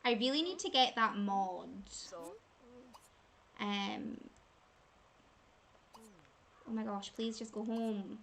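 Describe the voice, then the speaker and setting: A woman's voice: a little high, slow pace, a bit bright. A woman giving casual commentary while playing a life-simulation game, chatting to her characters and laughing often. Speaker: gaming channel host.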